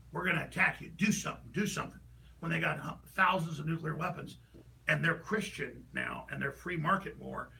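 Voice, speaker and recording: Gravelly, ranting middle-aged man. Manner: ranting, heated, swinging from loud outbursts to low mutters. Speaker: talk show host. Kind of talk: political rant monologue.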